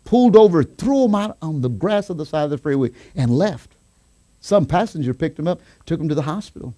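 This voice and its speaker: A man preaching a sermon as pastor, telling a story with quoted voices and rising to excited shouts. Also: on the high side, brisk. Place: church sanctuary.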